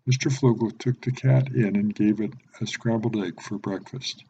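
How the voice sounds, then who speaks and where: A man reads a children's picture book aloud in a gentle, expressive storytelling voice. His voice is low and mellow, and the recording sounds slightly dull with a faint hiss underneath. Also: moderate pace, gravelly.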